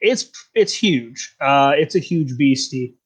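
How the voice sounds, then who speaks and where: A man's voice: mid-range voice, lively intonation, slow, husky. A man narrating as game master, laughing often and filling gaps with "uh". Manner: laughing often, many fillers.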